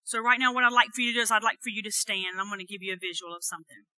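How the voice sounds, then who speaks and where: During a church service, a woman with a mid-range voice preaches a sermon at a racing pace. She repeats phrases for emphasis, moving between hushed, soft lines and loud, emphatic preaching. The recording is dry.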